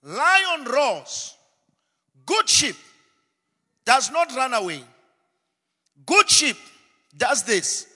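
A man preaching a sermon in a dramatic style, acting out scenes and building to shouted refrains. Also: very high-pitched, very animated, drawn-out words, long pauses, slightly rough. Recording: long hall reverb.

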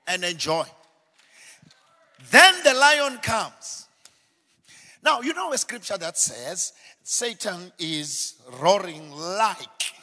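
A man preaching a sermon in a dramatic style, acting out scenes and building to shouted refrains. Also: high-pitched. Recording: long hall reverb.

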